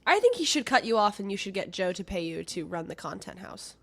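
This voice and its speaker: A woman's voice: mid-range voice, big pitch swings, fairly quick, vocal fry, a bit bright. A young woman co-hosting a stream, teasing and laughing often in casual chat. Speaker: stream co-host.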